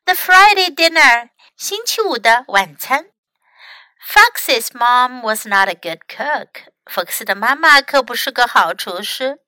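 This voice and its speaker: Woman, English teacher, storybook reading, slow, high bright voice, lively pitch, dry sound. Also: clear, resonant tone, dry recording. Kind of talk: bilingual picture-book reading.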